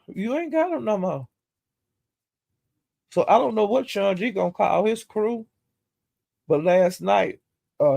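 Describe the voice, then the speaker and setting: A woman's voice: fairly low pitch, vocal fry, dark tone, no echo, studio quality. A woman vlogger giving casual gossip commentary, blunt and profane, sounding exasperated as she retells the drama.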